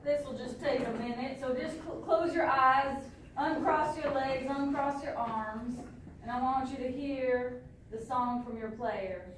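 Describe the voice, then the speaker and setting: A woman giving calm, guided instructions to a seminar audience, high-pitched and slow. She sounds distant, with heavy echo in a big hall and faint noise. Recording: echoey hall from far off.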